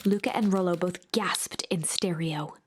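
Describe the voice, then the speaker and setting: Hushed woman narrating a storybook game. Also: on the low side, measured pace, husky. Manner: hushed, often near a whisper. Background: game music.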